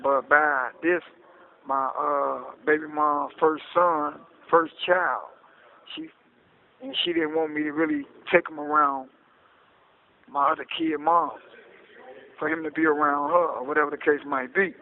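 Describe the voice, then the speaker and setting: A man telling his story in a casual interview, animated and often asking "you hear me?", heard over a phone line. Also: fairly high pitch, measured pace, vocal fry. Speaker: interview guest recounting his case. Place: prison phone call.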